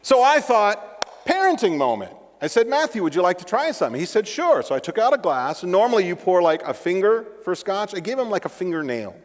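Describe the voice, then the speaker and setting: Middle-aged man, conference speaker, lively and joking live-coding delivery, high voice with long hall reverb. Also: brisk. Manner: animated and joking, with asides to the audience. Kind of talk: live-coding tech talk.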